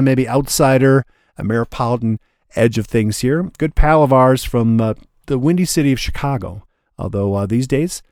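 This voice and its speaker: A man's voice: medium pitch, darkish tone, dry recording, studio quality. A man hosting a radio show, talking in a loose, rambling way between records. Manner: rambling and laid-back, drops 'man' and 'uh' often. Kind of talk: casual radio DJ patter.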